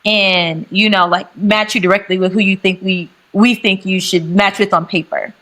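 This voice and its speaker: A woman's voice: mid-range voice, steady tone, moderate pace, fairly bright tone, rough recording. A young woman with a St. Louis accent, a guest chatting candidly and talkatively on a podcast over a video call. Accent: St. Louis, Missouri. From St. Louis, United States.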